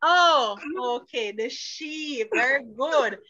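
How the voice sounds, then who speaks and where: A woman's voice: sits high, takes it slowly, background noise. A woman hosting an online reading competition, coaxing and upbeat as she calls on people by name. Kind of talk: encouraging moderator on a video call. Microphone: video call. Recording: dull lo-fi online call audio.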